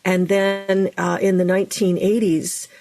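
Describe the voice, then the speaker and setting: A middle-aged woman, a speech and dialect coach, explaining in a lively, chatty way as a podcast guest. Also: mid-range voice, measured pace.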